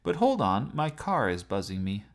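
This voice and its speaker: A man voicing a suave, fashionable middle-aged male scholar with a smooth, genial manner. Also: lowish voice, big pitch swings, moderate pace.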